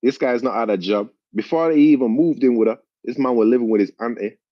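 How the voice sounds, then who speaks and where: A man's voice: mid-range voice, quick pace, no echo. Man, casual storyteller, heavy swearing, slightly dull dry recording. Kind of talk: casual chat.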